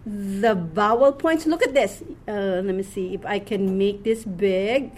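A woman teaching a Hebrew class, explaining words patiently and repeating them slowly for her students. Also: mid-range voice, a little mellow. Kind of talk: classroom lesson.

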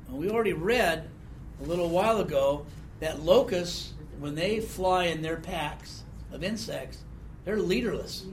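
A man's voice: a little high, lively intonation, unhurried, slight background noise. A man preaching a sermon, talking conversationally and asking the congregation questions with a frequent "okay?". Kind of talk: sermon Bible teaching.

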